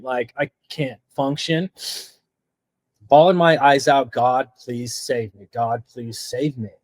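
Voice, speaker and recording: A middle-aged man speaking in an earnest, unpolished way, with lots of "like" fillers as he tells his story. His voice sits at an ordinary pitch for a man. The recording is dry and close, with no room sound. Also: a little mellow, no echo. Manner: earnest, heavy use of "like" fillers. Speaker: podcast guest. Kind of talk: recounting a personal story.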